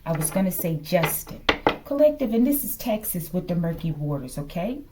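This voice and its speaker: A woman's voice: on the low side, big pitch swings, very noisy. A woman with a slight lisp, reading tarot cards for her viewers in a casual, speculative way and often addressing them with "collective" and "okay?". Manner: slow, drops to whispers at times. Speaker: tarot reader.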